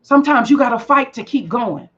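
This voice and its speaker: A woman with a high voice preaches a motivational talk, driving her points home with repetition and sudden shouts. The sound is dull and lo-fi. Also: animated, fairly quick. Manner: repetitive call-and-response preaching, shouting for emphasis. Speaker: motivational speaker.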